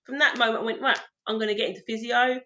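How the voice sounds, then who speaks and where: A woman's voice: a little high, steady tone, racing, bright, forceful tone, slight background noise. A young woman, a football physio chatting as a podcast guest and joking with a laugh. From South London. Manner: chatty and jokey, laughs often. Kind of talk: casual podcast chat.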